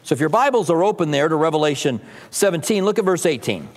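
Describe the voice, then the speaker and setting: A man preaches to his congregation with a fairly high voice. He teaches in an easy, conversational way, breaking off for humorous asides before returning to his point. His voice rings out with long reverb through the church sanctuary. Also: animated, quick pace. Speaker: pastor. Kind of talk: sermon.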